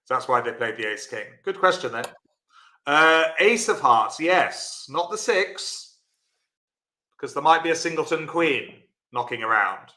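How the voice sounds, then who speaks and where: A man's voice: fairly high pitch, animated, a little slow, sharp tone. Man, bridge teacher, chatty and encouraging, live-stream lesson, echoey room. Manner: chatty, encouraging, answers viewers by name.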